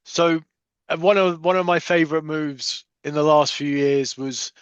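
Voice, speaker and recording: A male podcast host talks in a relaxed, conversational way, with loose and easy phrasing. His voice sits a little high. The sound is dry and somewhat dull. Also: unhurried, clean tone, no echo. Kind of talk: casual interview chat.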